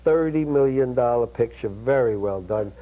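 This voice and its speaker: A man's voice: medium pitch, moderate pace, mellow, rough recording. An older man with a Bronx accent, a talk show guest telling rambling, jokey anecdotes. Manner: rambling, jokey, self-interrupting.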